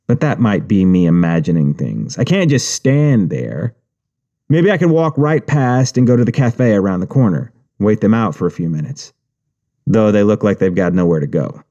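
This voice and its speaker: A man reading a novel aloud in the first person, his voice low and mellow. He narrates with a wry, profane, anxious inner-monologue edge. The recording sounds slightly dull. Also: animated, normal speed. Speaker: audiobook narrator.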